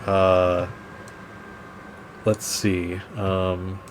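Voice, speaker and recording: A man's voice: deep voice, flat delivery, very slow, slight background noise. A man narrating as game master of a tabletop game, rambling with many fillers.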